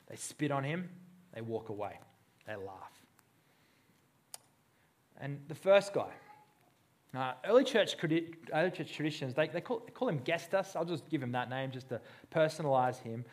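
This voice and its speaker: A man's voice: fairly high pitch, lively intonation, normal speed. A man preaching a sermon in a conversational way, acting out the voices he quotes. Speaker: pastor.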